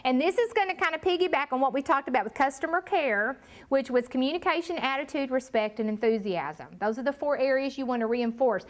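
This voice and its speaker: A woman's voice: sits high, lively intonation, fairly quick, few pauses. A woman leading a live training workshop, talking emphatically and addressing the room directly.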